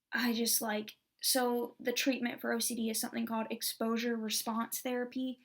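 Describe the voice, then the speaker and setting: Vlogger, woman, 20s, from Texas. Slightly high voice with heavy vocal fry. Candid and rambling, lots of "like.". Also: moderate pace. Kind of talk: personal story vlog.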